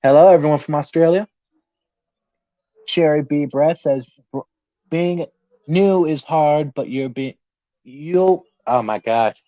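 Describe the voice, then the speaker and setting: Brief: young male podcast host, higher-pitched, nervous, laughs often; dry, dull lo-fi recording. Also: slow pace, long pauses, warm tone, no echo. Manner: nervous, laughing, reading viewer comments aloud. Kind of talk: casual livestream chat.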